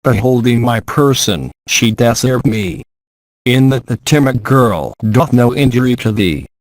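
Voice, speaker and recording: A man's voice: medium pitch, expressive, measured pace, dry recording, close to an everyday voice. A man reading as a boastful mighty warrior hero. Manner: archaic, declamatory.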